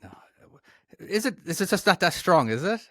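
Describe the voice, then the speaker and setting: A man's voice: high-pitched, very animated, moderate pace, sharp tone, no room sound, clean studio sound. An Irish man co-hosting a podcast in casual chat, with hesitant restarts and self-deprecating remarks. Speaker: podcast co-host.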